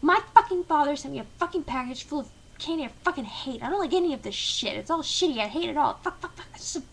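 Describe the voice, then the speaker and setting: A woman voicing a spoiled young woman throwing a loud, profane tantrum. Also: high voice, lively intonation, creaky, slight background noise, exaggerated voice. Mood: furious. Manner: profane, shouting, rapid tantrum.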